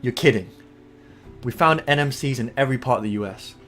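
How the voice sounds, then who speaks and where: An Englishman reading out an eager young male field agent from a game, in a raised, excited way. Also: mid-range voice, a little fast, lightly acted.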